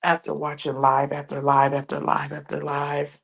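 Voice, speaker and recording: A woman's voice: deep voice, completely flat delivery, moderate pace, creaky. An older woman hosting a casual live stream, profane and chatty, greeting viewers by name and keeping her voice down at times. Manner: hushed at times to keep a grandchild asleep. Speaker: livestream host.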